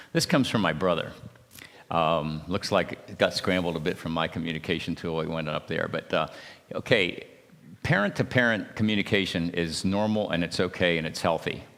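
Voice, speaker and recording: A man speaking at a church marriage seminar, talking haltingly with many restarts and checking in with his listeners by asking "okay?". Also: sits low, fairly bright tone. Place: church hall. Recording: long hall reverb.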